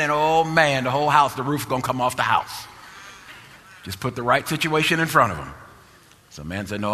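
A fairly high, bright male voice delivers a sermon with an impassioned, repetitive preaching cadence. The sound carries the long reverb of a church hall.

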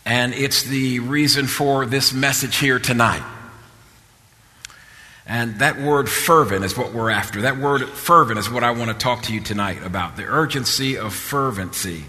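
A man's voice: medium pitch, normal speed, sharp tone, long reverb tail. A man preaching a sermon in a church, with an impassioned, repetitive preaching cadence.

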